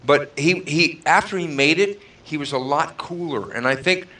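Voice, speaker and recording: A man's voice: on the high side, normal speed, sharp tone, recorded from a distance. A man, a guest drummer, reminiscing in casual talk, reflective and repeating himself as he thinks. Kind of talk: casual storytelling.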